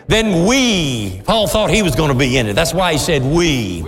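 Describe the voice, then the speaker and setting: A man preaching a sermon with passion, his voice climbing into shouts at its peaks. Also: sits high, expressive, moderate pace, hardly any pauses, in a large hall. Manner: impassioned, rising to shouts.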